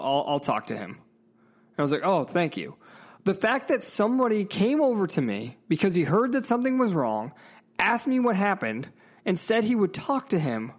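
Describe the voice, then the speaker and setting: A man in a casual, profane storytelling rant, emphatic and heated, with frequent asides to the viewer. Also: high voice. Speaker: vlogger.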